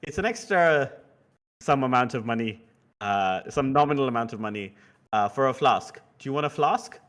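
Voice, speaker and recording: A man narrating as game master of a tabletop role-playing game, chatty and relaxed, laughing easily. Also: mid-range voice, moderate pace.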